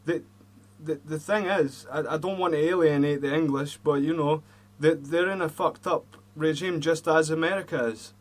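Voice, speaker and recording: A man's voice: fairly high pitch, steady tone, moderate pace. A Scottish man hosting an online radio show, chatting bluntly and heatedly with plenty of swearing. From Scotland. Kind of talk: casual chat.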